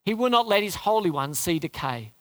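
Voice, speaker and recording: A woman's voice: medium pitch, big pitch swings, brisk, a bit bright. A woman preaching a sermon in an earnest, conversational way, asking rhetorical questions and repeating phrases for emphasis.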